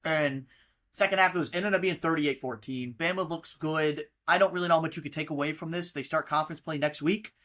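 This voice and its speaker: A young American man in his twenties hosts a casual podcast, ranting heatedly about college football. His voice is a little high, a little fast and a bit bright as he mocks teams and swears freely.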